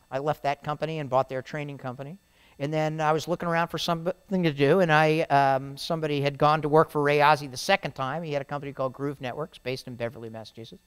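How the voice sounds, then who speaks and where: A middle-aged man on stage as a guest speaker, telling rambling, animated stories about his career to a live audience and often tagging lines with "right?". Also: a little high, clean tone. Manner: animated, rambling storyteller who keeps adding "right?". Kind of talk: storytelling interview on stage. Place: event venue with a live audience.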